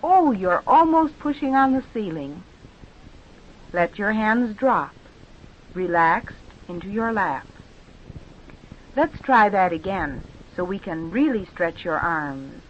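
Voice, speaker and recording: A woman guides children through stretches and face games, stretching out her words in a calm, patient way. Her pace is very slow and her pitch sits in the middle range. The recording sounds muffled and lo-fi. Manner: slow, patient, drawn-out instructions. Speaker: teacher leading a children's exercise. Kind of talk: guided movement and speech exercises for children. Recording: dull lo-fi recording.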